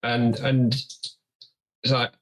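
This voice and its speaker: A man playing a tabletop game over a call, animated and playful. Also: medium pitch, slow. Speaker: player. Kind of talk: in-character tabletop play.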